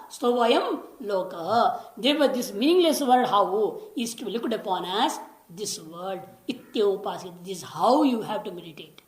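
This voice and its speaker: A woman teaching scripture, explaining patiently, repeating key words and slowly chanting Sanskrit lines. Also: on the high side, fairly bright tone, reverberant. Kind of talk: lecture on scripture.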